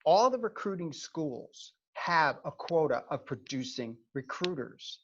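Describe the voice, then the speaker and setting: A man's voice: a little high, measured pace. A middle-aged man, a former Army first sergeant, tells stories to advise students. He often stops to check in with "okay?". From New York. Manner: animated storyteller, frequent "okay?" check-ins. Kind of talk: conversational seminar talk. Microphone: video call. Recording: lo-fi video call audio.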